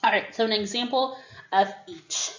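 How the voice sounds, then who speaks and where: A woman giving a teacher-training presentation on reading skills, acting out classroom prompts as she explains them. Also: mid-range voice. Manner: demonstrates classroom prompts, slow and deliberate. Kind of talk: instructional presentation. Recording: dull, roomy recording.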